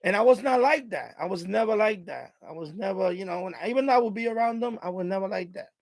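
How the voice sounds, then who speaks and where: A man's voice: high voice, animated, fast, gravelly, no room sound. A middle-aged man hosting a live stream, telling stories in a rambling, casual way, laughing often and repeating himself. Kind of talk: casual storytelling monologue.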